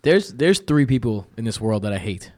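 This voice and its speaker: A man's voice: medium pitch, very animated, normal speed, darkish tone. A man, a podcast guest who speaks bluntly with dry wit. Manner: blunt, wry, laughs easily. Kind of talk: casual chat.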